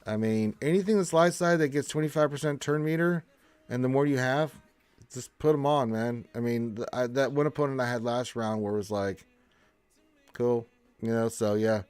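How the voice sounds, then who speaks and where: A man's voice: medium pitch, normal speed, darkish tone, smooth, no room sound. Congested, laid-back male stream host. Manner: laid-back, rambling, tired. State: congested from allergies. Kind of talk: casual live stream chat reading viewer comments.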